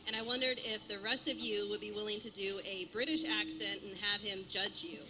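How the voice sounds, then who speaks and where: A woman's voice: mid-range voice, fairly even intonation, brisk, poor audio. A woman in the audience politely asking a panel a question, a little nervous. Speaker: audience member. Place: convention hall.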